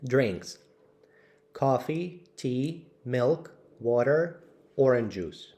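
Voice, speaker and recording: A man slowly reading out English vocabulary lists for learners, word by word with clear pauses. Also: medium pitch, animated, mellow. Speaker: English teacher. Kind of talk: slow vocabulary drill.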